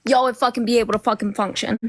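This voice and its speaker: A woman's voice: fairly high pitch, steady tone, rapid-fire, no room sound. An eighteen-year-old woman calling into a live debate, aggressive and swearing constantly. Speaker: caller. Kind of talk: heated live debate call.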